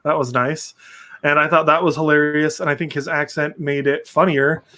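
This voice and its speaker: Rambling male podcast host, slightly high voice. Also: fairly even intonation, normal speed, pushed and bright. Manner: rambling with frequent restarts. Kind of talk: casual podcast chat.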